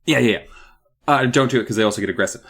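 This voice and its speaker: A man's voice: medium pitch, very fast, creaky, a bit bright, husky. A man co-hosting a comedic podcast, reading book passages aloud with hammy dramatic flair and telling jokey stories. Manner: joking, playful storytelling. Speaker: podcast co-host. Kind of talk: casual comedic book recap.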